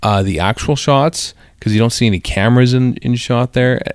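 A man's voice: mid-range voice, moderate pace, smooth, no room sound, studio quality. A man co-hosting a podcast, chatting casually and rambling through his thoughts with lots of fillers and restarts. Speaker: podcast co-host. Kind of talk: casual chat.

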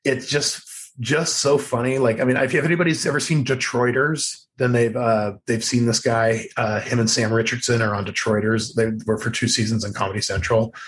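A young man chatting loosely about movies, full of fillers and restarts, with a mid-range voice and an easy laugh. He rambles from point to point in a relaxed conversational way. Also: medium pitch, moderate pace. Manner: rambling, full of fillers, laughs often, acts out quoted lines. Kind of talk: casual chat about movies and TV.

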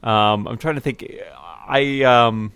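A man's voice: medium pitch, steady tone, takes it slowly, fairly bright tone, clear, resonant tone, no room sound. A man co-hosting a podcast, talking casually in a jokey, rambling way with lots of restarts. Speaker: podcast co-host. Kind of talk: casual chat.

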